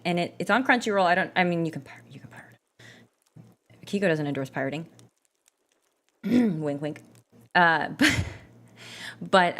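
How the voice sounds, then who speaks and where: A woman's voice: on the low side, fairly bright tone. A woman gaming vlogger chatting casually and rambling, with lots of fillers and restarts. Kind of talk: casual chat while gaming.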